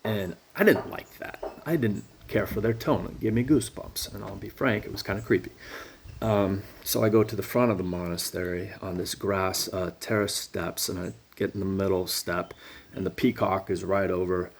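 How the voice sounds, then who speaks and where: Gravelly low man telling a wild story. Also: normal speed, slight background noise. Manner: animated, casual, jumps between thoughts. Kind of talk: rambling personal anecdote.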